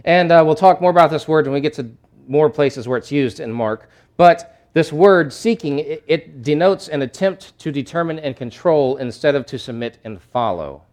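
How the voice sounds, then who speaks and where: A male pastor preaching a sermon, animated and conversational, acting out scenes from scripture. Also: fairly high pitch, normal speed. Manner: animated, acts out disciples' voices.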